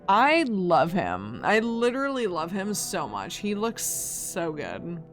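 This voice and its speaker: A woman's voice: lowish voice, huge pitch swings, slow pace, hardly any pauses, music in the background. A woman streamer chatting playfully while playing a game. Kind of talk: casual gameplay commentary.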